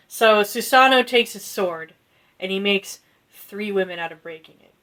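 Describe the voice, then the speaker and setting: A woman co-hosting a casual podcast, retelling a myth in a rambling, giggly way with lots of swearing and quick character voices. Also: medium pitch, a bit bright. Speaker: podcast co-host retelling myths. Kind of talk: casual chat.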